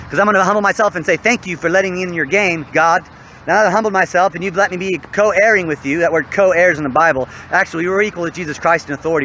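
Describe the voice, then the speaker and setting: Young guy ranting outside, high bright voice, preachy and swearing a lot, bit of street noise. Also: poor audio. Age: young adult. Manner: rambling, preachy, profane. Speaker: online game player. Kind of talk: rambling monologue to camera.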